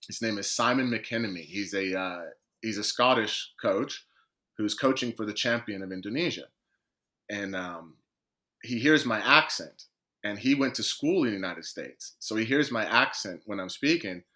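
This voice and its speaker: Male podcast guest with a bright, forceful voice, animated storyteller who acts out what people said. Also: fairly low pitch, moderate pace. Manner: lively storyteller, acts out quoted conversations. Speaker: guest, professional footballer.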